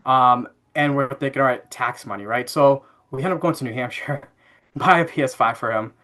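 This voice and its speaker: A man in his thirties telling a family story as a podcast guest, relaxed and chatty with fillers. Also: medium pitch, normal speed. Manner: animated anecdote-telling with frequent fillers and laughs. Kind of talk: casual interview storytelling.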